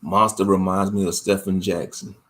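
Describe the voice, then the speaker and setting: A man's voice: sits low, flat delivery, normal speed, a bit bright. A man giving casual religious commentary online, slangy and preachy, often laughing.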